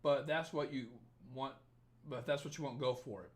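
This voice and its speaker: A young man hosting a casual livestream, reading viewer comments and giving dating advice in a profane, joking, animated way. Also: medium pitch, normal speed. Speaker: dating coach livestream host.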